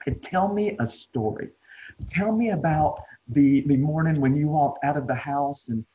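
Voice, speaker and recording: A young man acting a tender, worn-out dying man in a soft, halting, half-whispered monologue over a video call. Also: fairly high pitch, close to an everyday voice. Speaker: acting student. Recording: tinny video call audio.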